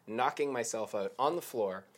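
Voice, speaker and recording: A man in his thirties from Calgary, a guest chatting on a podcast in a relaxed, rambling way, often laughing. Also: medium pitch, normal speed. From Calgary, Canada. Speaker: guest, country singer and actor. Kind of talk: casual podcast chat.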